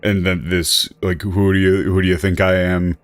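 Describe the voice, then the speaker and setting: A man's voice: sits low, flat delivery, moderate pace, no echo. A male streamer giving rambling, self-correcting casual commentary with an exasperated edge.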